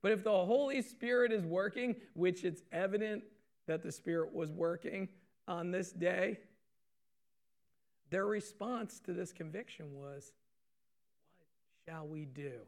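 Male pastor, high gravelly voice, casual repetitive preaching style with questions to the room. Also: a little slow, pauses often. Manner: conversational, repeats phrases, asks the audience questions. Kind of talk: sermon.

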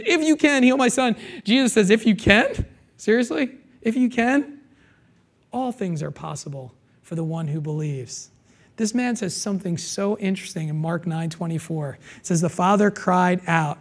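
A male pastor preaching a sermon in a conversational way, often checking in with "okay?" and "right?" and repeating his key phrases slowly for emphasis. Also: high-pitched.

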